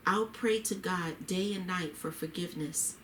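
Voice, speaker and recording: A woman's voice: fairly low pitch, normal speed, a little hiss or hum, close to an everyday voice. A woman reading the lines of a hopeful, pious young woman in a story, earnestly and reverently. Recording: roomy echo.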